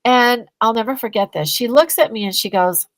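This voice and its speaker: A woman, a guest on a podcast interview, telling a story in a casual, animated way and acting out both sides of the conversations. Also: on the high side, normal speed, no echo, poor audio. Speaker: guest, energy healing business owner.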